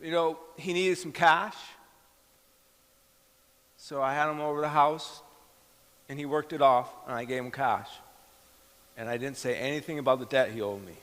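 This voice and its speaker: A man's voice: mid-range voice, fairly even intonation, normal speed, pauses often, fairly bright tone. Middle-aged male pastor in a reverberant hall. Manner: storytelling, acts out quoted dialogue. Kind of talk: sermon with personal story. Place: church hall.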